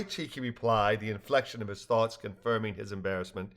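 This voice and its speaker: An older man narrating a storybook in an animated reading voice. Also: on the low side, fairly quick, hardly any pauses.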